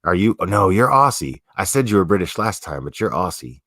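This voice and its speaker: A man's voice: low voice, very animated, fairly quick, a bit bright, dry recording, studio quality. Laid-back swearing man on a livestream. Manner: profane, laid-back, slangy, talking to chat. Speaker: livestream host. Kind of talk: casual livestream chat.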